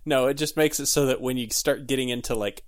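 A man's voice: mid-range voice, quick pace. A man hosting a casual podcast chat, rambling with lots of fillers and restarts. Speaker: podcast host.

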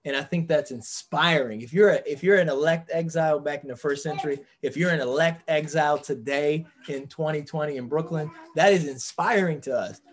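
An earnest man leads a Bible study, his voice pitched a bit high. He thinks aloud as he goes, with fillers and restarts, in an informal teaching tone. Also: fairly quick, few pauses. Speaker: pastor leading a Bible study. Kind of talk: discussion-group teaching.

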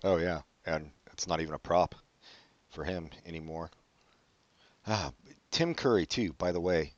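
A podcast co-host with a low-pitched voice speaks unhurriedly during a casual late-night chat, rambling along with jokes and puns. The recording is dull, lo-fi, and dry, with no echo.

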